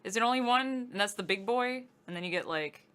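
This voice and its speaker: A woman's voice: medium pitch, a little fast, sharp tone, clear, resonant tone. A young woman co-hosting a gaming video, telling giggly, chatty stories and acting out both sides. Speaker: co-host of a gaming channel. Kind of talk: casual let's-play chat.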